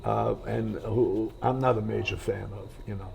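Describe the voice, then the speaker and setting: A man's voice: lowish voice, steady tone, moderate pace, gravelly, darkish tone. An older man, an actor being interviewed, telling long rambling stories in a casual way and acting out quoted voices. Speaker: actor guest. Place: hotel room.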